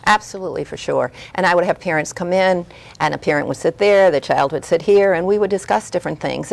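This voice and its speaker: Low, gravelly-voiced woman counselor. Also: lively intonation, brisk. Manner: earnest, acts out parents and children in voices. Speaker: former school guidance counselor. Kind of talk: guest on a parenting TV talk show.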